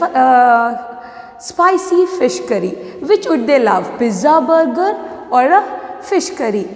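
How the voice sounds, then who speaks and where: Slow, clear teacher in an echoey room. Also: female voice, high voice, a little mellow. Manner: instructive, repeats directions to pupils. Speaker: schoolteacher. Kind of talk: online class lesson, reading a story aloud. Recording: echoey room with long reverb.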